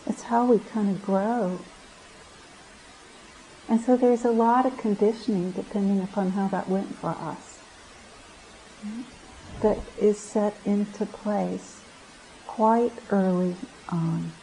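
A woman meditation teacher giving a gentle, reflective dharma talk at a retreat center, often pausing and restarting her phrases. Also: mid-range voice, fairly even intonation, a little hiss or hum, poor audio.

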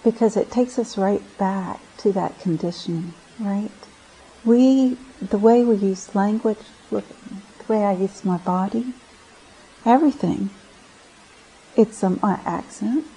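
A woman meditation teacher gives a gentle, reflective dharma talk at a retreat center, frequently pausing and restarting her phrases. Her voice is husky and medium-pitched, and the audio quality is poor.

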